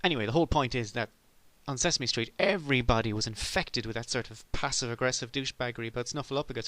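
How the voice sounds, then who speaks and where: A man's voice: mid-range voice, fast, few pauses, sharp tone, no room sound. A middle-aged man from Ireland delivering a sardonic, rambling comic monologue as a podcast host.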